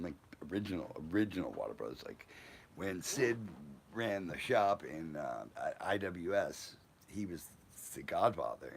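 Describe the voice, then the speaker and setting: A man's voice: low voice, a little hiss or hum. A man in his fifties from Newport, telling rambling personal stories full of profanity and tangents.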